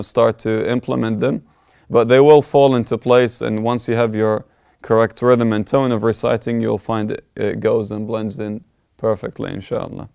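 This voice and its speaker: A man teaches a recitation lesson in a smooth, resonant, mid-pitched voice. He is patient and methodical and repeats words to contrast the right and wrong sound. The sound is close and dry, with no room echo. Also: darkish tone. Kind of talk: tajweed lesson, explaining and demonstrating recitation.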